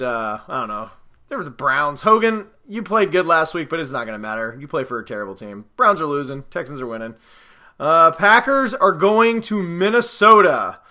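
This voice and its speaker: A man hosting a football predictions podcast rambles casually through his picks, joking and sarcastically trash-talking players and teams. His voice is on the high side, animated, pushed and bright, at a moderate pace.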